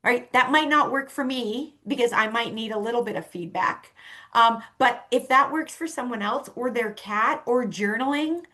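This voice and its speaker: A woman's voice: on the high side, normal speed, pushed and bright. A woman talking as a podcast guest, earnest and conversational, with many fillers and restarts. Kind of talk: casual conversation.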